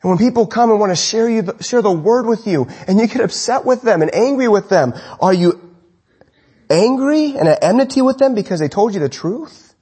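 Male preacher, somewhat high and husky, impassioned sermon delivery. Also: expressive, moderate pace. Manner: impassioned, swings between raised urgent lines and low quiet ones. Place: church congregation, evening service.

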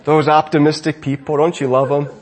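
A man's voice: a little high, level tone, fairly quick, a crowd in the background, noisy background. A man preaching a sermon as pastor, conversational, often asking his congregation rhetorical questions.

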